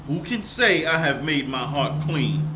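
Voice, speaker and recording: A man reading numbered scripture verses aloud in a measured, formal way during a service. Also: on the high side, animated, pushed and bright, echoey room, a little hiss or hum, low-quality recording. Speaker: scripture reader.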